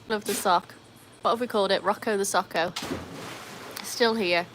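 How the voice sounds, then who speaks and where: A woman's voice: mid-range voice, fairly even intonation, normal speed, long pauses, a bit bright, slight background noise, low-quality recording. Chatty woman live-streaming on her phone. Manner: chatty, laughs often, greets viewers by name. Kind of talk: casual live-stream chat. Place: outdoors by a pool with dogs. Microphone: handheld phone.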